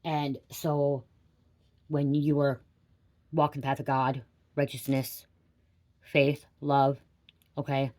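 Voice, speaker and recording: A woman's voice: very deep voice, level tone, takes it slowly, long pauses, a little mellow. A middle-aged woman giving a casual spiritual reading to camera. She rambles, swears bluntly and keeps checking in with "okay?". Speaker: tarot reader.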